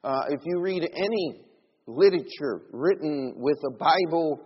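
A man preaching a sermon as pastor, swinging between loud emphatic bursts and quiet low asides. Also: lively intonation, a little slow, slightly rough. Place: church sanctuary. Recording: lo-fi church audio with long reverb.

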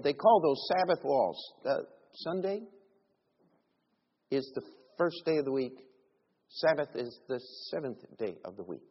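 A man preaching a sermon as pastor, swinging between loud emphatic bursts and quiet low asides. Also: husky. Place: church sanctuary. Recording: lo-fi church audio with long reverb.

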